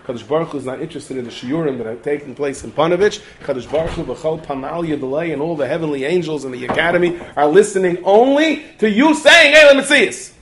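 A man playing an elderly sage yelling fervently. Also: a little high, animated, fast talker, hardly any pauses, slight background noise, voice pushed up. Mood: fervent shouting. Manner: shouting, emphatic promises. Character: elderly male sage, stern, yelling passionately.

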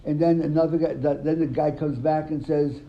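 A man's voice: a little high, fairly even intonation, moderate pace. A man teaching a Talmud class, quizzing his students and retelling stories animatedly, often repeating words. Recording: dull lo-fi sound, faint room ambience.

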